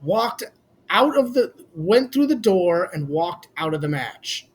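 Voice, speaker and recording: A man's voice: high-pitched, big pitch swings, slow, a little hiss or hum. A man giving a blunt, casual, opinionated recap for his vlog, swearing freely and talking straight to his viewers. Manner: blunt, swears casually, addresses fans as "boys". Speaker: wrestling commentary vlogger.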